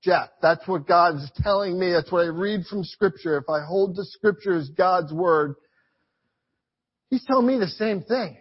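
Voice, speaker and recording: A man preaching a sermon to his church, emphatic and repetitive, swinging between loud urging and quiet reflection. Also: sits high, a little slow, breathy edge, dull audio.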